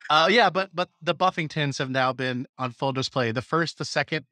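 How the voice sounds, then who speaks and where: A man's voice: a little high, moderate pace, bright, forceful tone, no room sound, clean studio sound. A man hosting a podcast, joking around and rambling with restarts. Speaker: podcast host. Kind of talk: casual chat.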